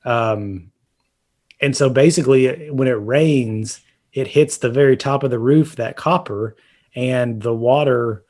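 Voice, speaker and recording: A man of medium pitch and a slightly mellow tone co-hosts a home-repair podcast in an informal way. Roofing is the topic, and his lengthy explanations are packed with fillers and restarts.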